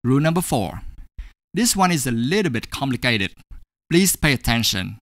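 A man teaching an English grammar lesson, speaking slowly and deliberately and saying each example word twice. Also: medium pitch, big pitch swings, fairly bright tone, no room sound, clean studio sound.

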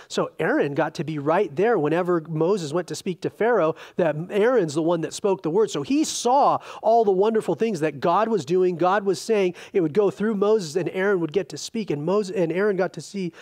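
A man leads a Bible study from the pulpit and tells the old stories as if he were chatting with friends. His voice sits a little higher than most men's. He keeps his teaching loose, friendly and animated. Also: normal speed, few pauses. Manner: chatty and informal, retelling scripture with animated asides. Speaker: pastor.

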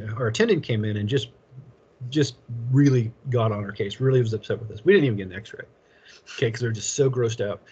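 Husky male instructor, casual rambling lecture, chuckles a lot, dull lo-fi recording. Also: medium pitch. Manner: rambling, chuckles often, tells anecdotes. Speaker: college instructor.

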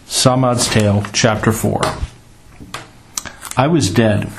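A man reading a first-person adventure story in a measured, dramatic storytelling manner. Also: medium pitch, poor audio. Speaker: narrator.

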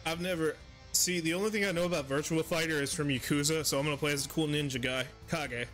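A man's voice: on the high side, fairly even intonation, fast talker, fairly bright tone, soft background music. A young man streaming a video game, giving casual, profane commentary and laughing often. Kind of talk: casual let's-play commentary.

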